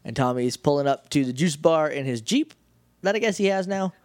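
Guy podcast cohost, kinda high voice, rambly recap, laughs a lot, dry close sound. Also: expressive, fairly quick, dry recording. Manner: rambling, laughs often, acts out characters' lines. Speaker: podcast co-host. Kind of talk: casual episode recap chat.

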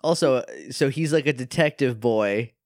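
A man co-hosting a podcast, reacting with jokes, quick asides and frequent laughter. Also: mid-range voice, a little mellow, dry recording, studio quality. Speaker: podcast co-host. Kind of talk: casual podcast chat.

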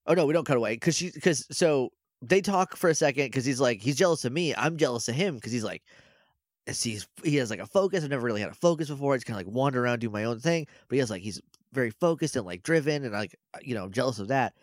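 A man's voice: mid-range voice, animated, quick pace, no echo, clean studio sound. A man co-hosting a podcast, casually recapping an episode, rambling and laughing as he acts out the characters' lines. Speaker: podcast co-host.

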